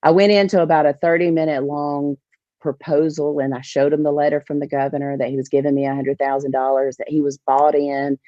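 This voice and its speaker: A woman, a podcast guest telling a lively story about organizing fishing tournaments. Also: low-pitched, brisk, no echo. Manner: animated storyteller, acts out others' lines. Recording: dull, dry podcast audio.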